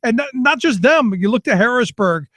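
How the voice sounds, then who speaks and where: A male talk-radio host with a notably high voice chats with a guest in an easygoing, sympathetic manner. He is recorded close and dry in a studio. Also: lively intonation, normal speed, fairly bright tone, no room sound. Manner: conversational, sympathetic, with filler restarts. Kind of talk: radio talk show interview.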